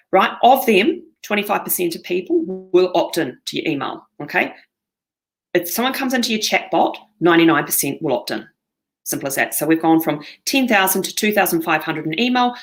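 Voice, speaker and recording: Upbeat New Zealand woman presenting a webinar. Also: on the low side. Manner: upbeat, addresses viewers directly, frequent "okay?" check-ins. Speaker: seminar presenter.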